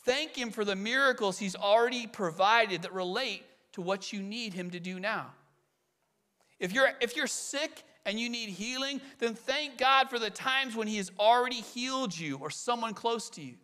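Bright-voiced, earnest male preacher. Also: high voice. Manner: earnest and conversational, with rhetorical questions and voiced examples; slows and leans on key phrases. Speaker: pastor. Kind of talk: sermon.

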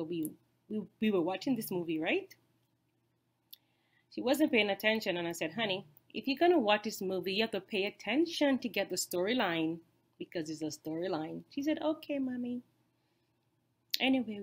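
A woman vlogger chatting casually to her viewers. She repeats herself and keeps asking them rhetorical questions. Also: medium pitch. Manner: excitable. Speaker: YouTube vlogger. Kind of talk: casual chat to camera.

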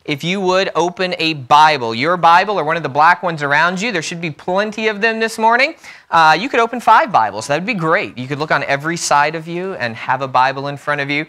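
A man's voice: a little high, sharp tone. A man preaching a sermon in a church, mixing self-deprecating jokes with earnest, emphatic points. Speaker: pastor. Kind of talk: sermon with opening prayer. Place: church sanctuary.

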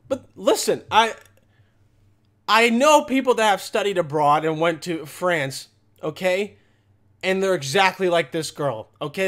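A man's voice: high voice, a bit bright. A young man hosting comedic reaction commentary, rambling crudely in a mock-outraged way. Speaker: commentary host.

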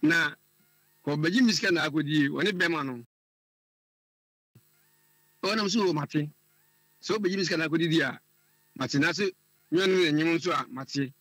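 A man, calling in to tell a personal story, often halting and repeating words as he searches for what to say. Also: fairly high pitch, fairly bright tone, no room sound, soft background music. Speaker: caller. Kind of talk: telling a personal story on a call-in show.

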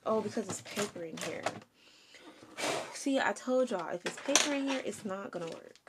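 A woman's voice: medium pitch, animated, normal speed. A woman vlogger talking viewers through a craft project in casual chat, frustrated and calling her viewers y'all. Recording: clear background noise with clicks.

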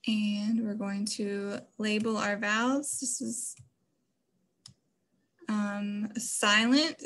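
A woman's voice: on the high side, fairly bright tone. A woman teaching a phonics lesson to children, explaining patiently step by step.

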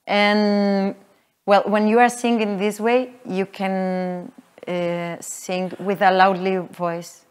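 A woman teaching a voice workshop to a live group, explaining in a halting way with many fillers. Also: medium pitch, level tone, clean tone. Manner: halting, filler-heavy explaining, with frequent laughs. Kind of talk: live teaching talk with sung demonstrations. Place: workshop room with an audience.

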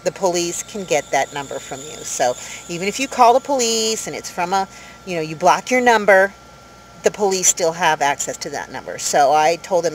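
A woman in her fifties telling a story to camera in a casual vlog, rambling and animated, with many fillers, from inside her van. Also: on the low side, moderate pace, slight background noise, poor audio. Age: 50s. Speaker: vlogger.

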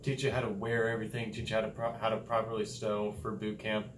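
Fast-talking young man in an echoey room. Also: lowish voice, flat delivery. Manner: quick, offhand, swears casually. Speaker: co-host, fellow sailor. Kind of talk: casual chat. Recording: roomy with audible background noise.

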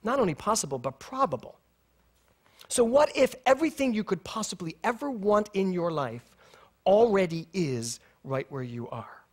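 Preaching at a spiritual center, a middle-aged man with a high-pitched voice talks at a normal pace. He shares a personal story with animation, laughing frequently and playing out the dialogue himself.

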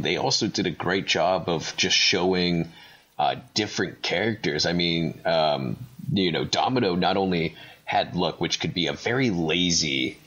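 A man with a very low voice co-hosts a casual podcast chat. He laughs often and acts out scenes as he retells them. The sound is a little dull and lo-fi. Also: fairly bright tone. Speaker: podcast co-host.

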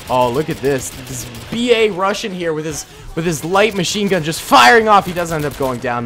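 A man's voice: fairly high pitch, normal speed, hardly any pauses, faint music behind. Chatty young man commenting gameplay. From Boston area, US. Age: young adult. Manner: relaxed, chatty, self-mocking, laughs often. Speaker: gaming channel host.

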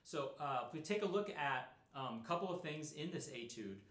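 A middle-aged man teaching snare drum in a relaxed, explanatory way, with many fillers. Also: a little high, moderate pace, roomy sound. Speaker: percussion teacher. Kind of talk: instructional talk.

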